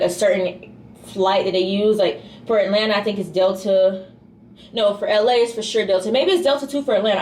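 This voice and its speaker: A young woman vlogger tells a story in a slightly high voice, animated and casual. She swears freely and acts out the people she met. The echoey room has faint noise behind her.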